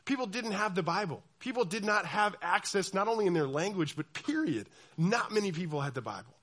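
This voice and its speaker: A young man preaches to a youth crowd, his voice sitting high for a man. He is animated, breaking into the voices of the people he describes. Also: fairly quick. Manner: animated, acts out quoted voices. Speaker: youth pastor. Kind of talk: sermon.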